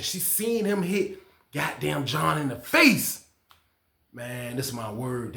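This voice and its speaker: A man telling a prison story in casual slang, acting out the people he quotes with loud shouts. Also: fairly high pitch, gravelly, roomy sound.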